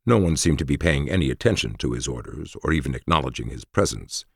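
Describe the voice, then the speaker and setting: Very deep gravelly male narrator. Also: dry recording, studio quality. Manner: measured, even storytelling. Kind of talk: audiobook narration.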